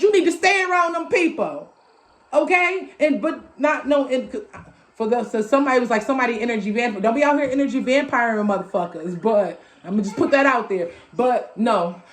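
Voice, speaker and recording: High-voiced sassy woman reading tarot. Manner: sassy, emphatic, repeats phrases, sing-song chanting; laughs at own slips, swears casually. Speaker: tarot reader. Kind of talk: casual spiritual reading to viewers.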